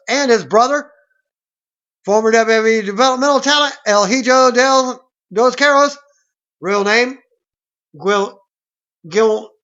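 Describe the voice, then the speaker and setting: A man's voice: extremely high pitch, pushed and bright. A man reading out wrestling news items, sometimes stumbling over names. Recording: dull lo-fi recording.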